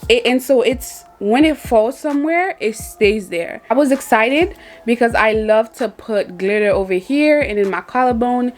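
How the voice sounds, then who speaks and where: A woman's voice: fairly high pitch, normal speed, hardly any pauses. A young woman reviewing makeup in a casual vlog, chatty and laughing often, repeating words as she goes. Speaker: beauty vlogger.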